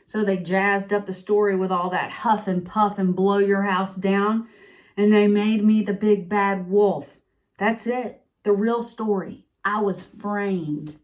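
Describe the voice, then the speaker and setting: A woman's voice: mid-range voice, fairly even intonation, slow pace, close to an everyday voice. A woman reading a picture book aloud as a sniffly, self-pitying male wolf who tells his side of the story in a confiding voice.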